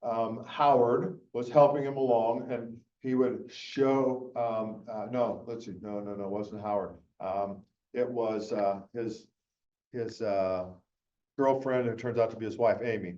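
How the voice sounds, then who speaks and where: A man's voice: mid-range voice, steady tone, unhurried, darkish tone. A middle-aged man giving a conference keynote in a conversational, rambling way with many fillers and restarts. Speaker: keynote speaker. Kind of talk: conference talk. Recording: echoey, muffled room recording from a distance.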